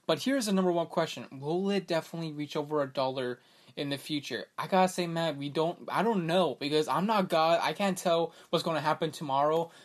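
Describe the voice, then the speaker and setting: Excitable young man podcasting with hiccups. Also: on the high side, brisk. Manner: excitable and rambling, many fillers like "like" and "bruh". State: has the hiccups. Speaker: podcast host. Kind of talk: casual solo podcast chat.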